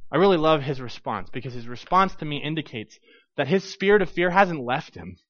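A man with a high voice teaches a Bible passage in an easy, conversational way. He wanders into asides and often restarts his sentences. The recording is dry, close and dull. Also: expressive, a little fast, a bit bright, no echo. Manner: chatty with frequent restarts and asides. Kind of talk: conversational sermon commentary.

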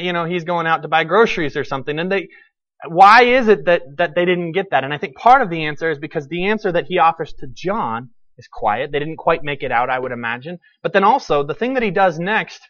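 A male pastor preaching with animated storytelling and a fairly high voice. He acts out the lines of the people in his story. The sound is dull and slightly lo-fi. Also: fast talker. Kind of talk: sermon.

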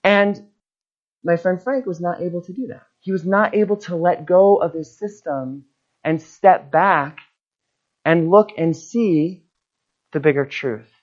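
A guest preacher giving an informal sermon as a personal story, animated and acting out the people in it. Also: mid-range voice, unhurried. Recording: dull lo-fi recording.

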